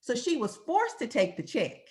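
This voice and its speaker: Woman attorney, fairly high, expressive voice, plain explainer on a call. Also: normal speed. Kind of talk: casual chat. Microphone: video call.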